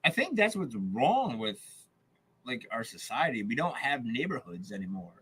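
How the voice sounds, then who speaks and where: Man, podcast co-host, laid-back, swears a lot, bright tone. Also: mid-range voice, big pitch swings, normal speed, husky, poor audio. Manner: laid-back, swears freely, filler-heavy. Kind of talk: casual podcast chat.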